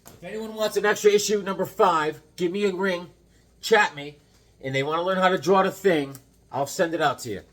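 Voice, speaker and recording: A man hosting a casual comic-collecting vlog, rambling between a personal story and show-and-tell of old issues. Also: fairly high pitch. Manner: rambling, chatty, jumps between stories and comics. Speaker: comic book vlogger.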